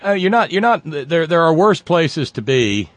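A man's voice: on the high side, sing-song, moderate pace, no room sound. A man hosting a radio chat in a folksy, joking way, often restarting his sentences. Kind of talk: casual radio conversation.

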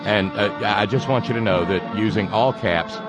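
A man's voice: lowish voice, moderate pace, music in the background. A male talk show host who uses carnival-barker patter and mocking asides. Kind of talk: sarcastic talk show monologue.

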